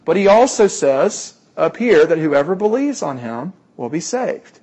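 A man's voice: fairly high pitch, sing-song, a little slow, darkish tone. A man preaching a sermon, earnest and emphatic, often repeating key phrases for weight.

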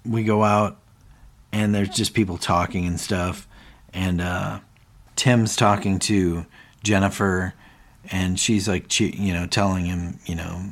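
Man, low voice, podcast co-host, casual recap, animated retelling, lots of fillers. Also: slow pace.

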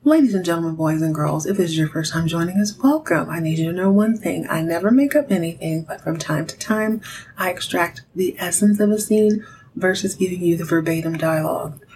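A woman's voice: on the low side, brisk, breathy edge, rough recording. Sassy woman recapping a soap. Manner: sassy, animated storytelling with direct asides to listeners. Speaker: podcast host. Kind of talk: casual soap opera recap.

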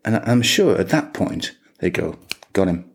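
A man's voice: fairly low pitch, sing-song, normal speed, vocal fry, husky. A man co-hosting a podcast, telling a self-mocking story in casual chat with his sister. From England. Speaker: podcast co-host.

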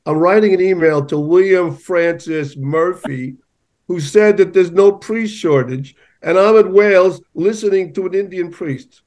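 A man speaking as an interview guest, with a voice set a little higher than most men's. He argues his points with emphasis and slips into anecdotes. His talk is conversational and direct. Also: a little slow, darkish tone. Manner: emphatic, storytelling. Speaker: journalist guest.

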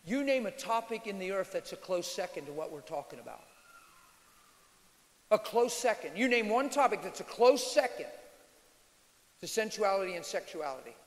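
A man preaching a sermon as a pastor, moving from hushed storytelling to shouted, animated exhortation. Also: high-pitched, moderate pace, pauses often. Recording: long hall reverb.

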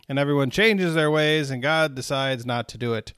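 A man's voice: medium pitch, normal speed, few pauses, fairly bright tone, clear, resonant tone, no room sound, clean studio sound. A man leading a recorded Bible study, teaching in an earnest, conversational way with frequent asides to his listeners.

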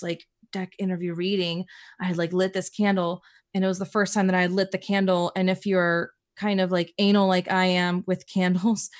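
Young woman podcast co-host, casual storyteller, lively, swears casually. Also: medium pitch. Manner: animated storyteller, acts out quotes, swears casually. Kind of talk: casual chat.

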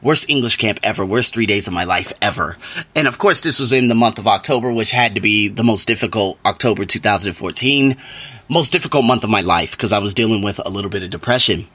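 Animated bright-voiced male podcaster. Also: fairly low pitch, fast. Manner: animated storytelling, voice rises into exasperated rants. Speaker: podcast host. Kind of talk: solo podcast book review.

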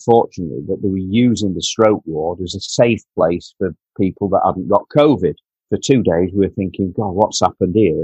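Halting man telling a sad story. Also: deep voice, slightly rough, no echo. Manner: halting, repeats words, quiet and choked in emotional parts. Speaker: guest telling a personal story. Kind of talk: emotional personal storytelling. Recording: dull lo-fi dry sound.

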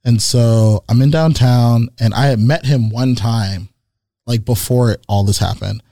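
Man, casual guest, animated storyteller who laughs a lot, dry close sound, mid-pitched. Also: measured pace, no echo. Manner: animated anecdote-teller, laughs often, heavy use of "like".

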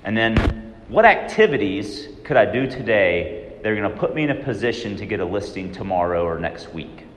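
A man giving a training talk to real estate agents in a large room, lively, often acting out worried inner voices. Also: fairly low pitch, moderate pace, roomy sound, big-room sound, slight background noise.

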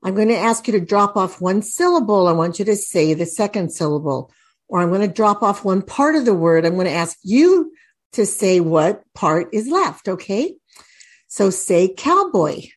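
A woman reading teacher explaining phonics drills to parents, modeling each word slowly and deliberately. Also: medium pitch, animated. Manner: slow, deliberate, modeling words to say aloud. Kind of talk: instructional talk to parents.

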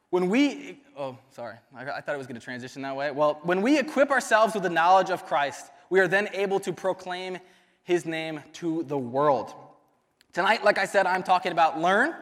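A young man with a high voice races through a youth sermon, rambling casually with fillers and asides. His words ring out with a long reverb in a church hall. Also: a bit bright. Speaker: youth ministry speaker. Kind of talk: youth sermon with personal story.

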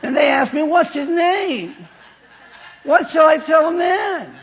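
A man voicing a whiny, reluctant male leader, putting questions to a higher authority in a complaining, pleading tone. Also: lively intonation, slow pace, a bit bright, exaggerated voice.

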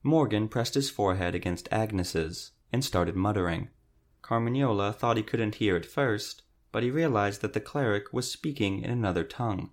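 A man narrating an audiobook in a steady, even reading voice. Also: on the low side, moderate pace. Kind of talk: scripted narration.

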